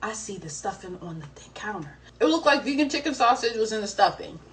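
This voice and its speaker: A young woman from the American South telling a story in a casual, animated and dramatic way. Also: medium pitch, fairly quick. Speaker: singer on a livestream. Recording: distant mic, faint background noise.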